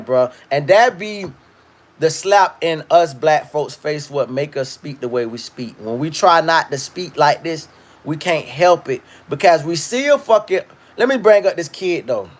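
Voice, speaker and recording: A man hosting a livestream, ranting in a loud, profane, rambling way and reading viewer comments. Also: fairly high pitch. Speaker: livestream host. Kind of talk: casual livestream rant.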